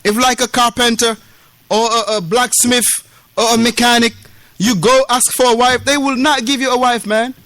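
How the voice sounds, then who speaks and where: A man's voice: very high-pitched, steady tone, normal speed, fairly bright tone, no echo. A man from West Africa giving a lesson in a mosque, emphatic, repeating key phrases and mixing street slang with Arabic terms, acting out the quoted dialogue. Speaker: Islamic lecturer. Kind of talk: mosque lesson explaining a classical text.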